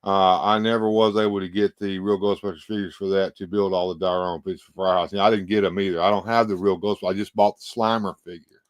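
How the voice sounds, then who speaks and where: A man hosting a casual livestream, tired and out of breath, talking in halting, rambling bursts full of fillers and restarts. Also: low-pitched, level tone, no room sound. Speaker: livestream host. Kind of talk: casual livestream chat, reading viewer comments.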